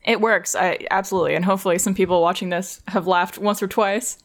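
A woman's voice: medium pitch, fairly even intonation, fast talker, noisy background. A woman hosting a podcast who cracks jokes and reads out listener letters. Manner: joking, reads listener questions aloud. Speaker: podcast host. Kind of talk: casual chat.

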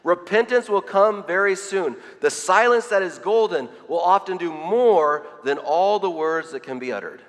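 A man's voice: high-pitched, lively intonation, normal speed, hardly any pauses, fairly bright tone. A middle-aged man preaching a sermon, earnest, often repeating his words as he reads quotes aloud. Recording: long hall reverb.

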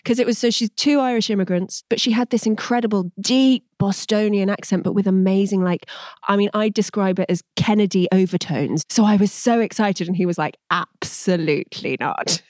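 Lively English actress, interview guest. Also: female voice, mid-range voice, brisk, dry recording, studio quality. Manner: lively, acts out quoted dialogue. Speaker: actor guest. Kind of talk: interview chat.

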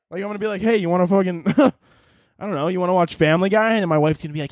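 A man's voice: sits high, racing, dry recording, clean studio sound. A young man hosting a casual podcast, ranting in a profane, rambling way and acting out imagined conversations. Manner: profane, animated, rambling, acts out imagined dialogue. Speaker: podcast host. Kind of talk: casual comedic podcast rant.

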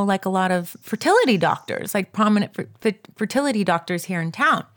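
A woman casually telling a story as a podcast co-host, animated and acting out quotes with big jumps in pitch. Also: moderate pace, few pauses.

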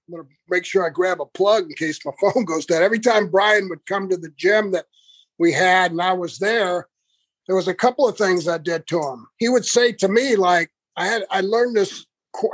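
A man's voice: high-pitched, a bit bright, husky, dry recording. A man casually telling prank stories, chuckling mischievously as he goes. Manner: laughing, mischievous storyteller.

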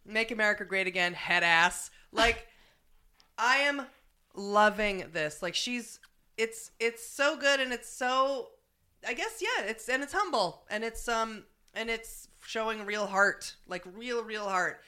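A woman's voice: fairly high pitch, lively intonation, slow pace, pushed and bright, clean tone. A woman hosting a casual chat, enthusiastic and swearing freely. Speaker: host.

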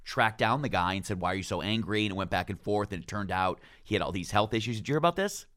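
A man's voice: lowish voice, expressive, quick pace, a bit bright. A man co-hosting a podcast who shares gossip in long, casual asides and acts out quotes. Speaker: podcast co-host. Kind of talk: casual chat.

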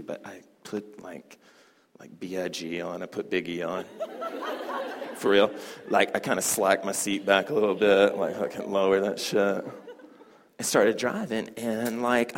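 A man's voice: fairly low pitch, measured pace. Man, hoop instructor, rambling storyteller, laughs easily, voice ringing in a reverberant hall. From Southern United States. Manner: chatty, animated, laughs a lot. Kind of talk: class talk with storytelling.

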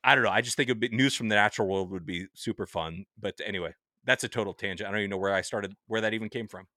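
A man's voice: on the low side, very fast, sharp tone, no echo, clean studio sound. A man guesting on a podcast, chatting enthusiastically and rambling with restarts. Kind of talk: casual interview chat.

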